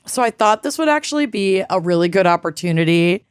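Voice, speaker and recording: Smooth-voiced chatty woman podcast host. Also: mid-range voice, lively intonation, brisk, no echo, studio quality. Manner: chatty, blunt, swears casually. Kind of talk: casual chat.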